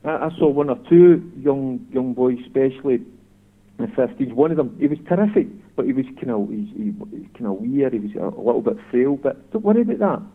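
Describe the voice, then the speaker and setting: A man's voice: mid-range voice, expressive, a little fast. A Scottish man in middle age phones in to a radio talk show. He recounts old memories in a reflective, conversational way, and his voice comes through a thin, tinny phone line. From Scotland. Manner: reflective storyteller. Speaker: caller, former footballer. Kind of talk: casual chat.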